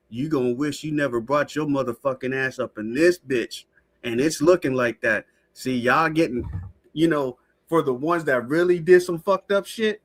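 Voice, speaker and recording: A woman hosting a podcast, ranting with profane, animated storytelling in casual chat. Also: deep voice, moderate pace. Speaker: podcast host.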